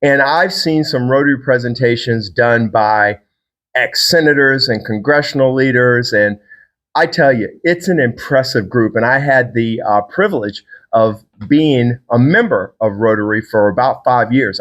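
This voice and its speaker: A man's voice: mid-range voice, normal speed, fairly bright tone. A man from Virginia, a fitness trainer and podcast host, talking to the camera in a casual, rambling, enthusiastic solo monologue.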